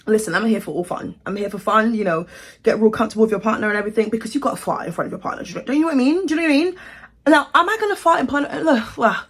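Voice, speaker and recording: A young British woman from the United Kingdom, with a fairly high, expressive voice and a breathy edge, talks rapid-fire. In her casual commentary vlog she gives sassy, outraged takes on celebrities with exaggerated reactions.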